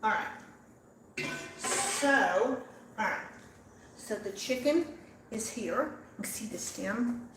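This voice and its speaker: Slow-talking older Texan woman. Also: a little high, lively intonation, fairly bright tone, roomy sound, slight background noise. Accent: Texan Southern drawl. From Texas. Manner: chatty, reads out and answers live viewer comments. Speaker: host. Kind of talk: casual livestream cooking chat. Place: home kitchen.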